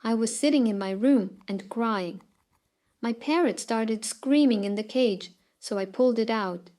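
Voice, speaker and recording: A woman narrating short, funny real-life pet anecdotes in a lively storytime delivery, her loudness swinging up and down to land the punchlines. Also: fairly high pitch, a little slow.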